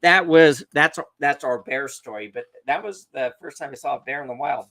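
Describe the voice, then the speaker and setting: A man co-hosting a podcast, telling a story in a casual, animated way and acting out the quotes. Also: medium pitch, moderate pace. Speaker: podcast co-host.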